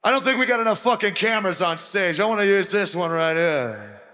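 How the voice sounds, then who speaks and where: A man fronting a metal band, hyping a concert crowd with shouted, profane banter into a stage mic, recorded live in a large venue. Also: high voice, animated, a little fast. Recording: isolated live vocal with long hall reverb.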